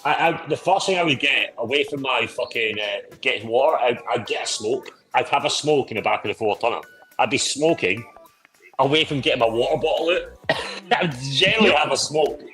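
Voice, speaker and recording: Man, mid pitch, crude casual storyteller, constant swearing, faint music in the background. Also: fairly quick, a bit bright, low-quality recording. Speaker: podcast co-host. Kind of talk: casual pub-style chat.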